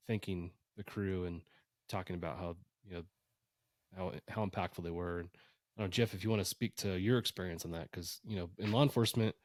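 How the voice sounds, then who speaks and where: A man's voice: low-pitched, darkish tone, dry recording. A man hosting a podcast, speaking in an easygoing conversational way. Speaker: podcast host. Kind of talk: casual chat.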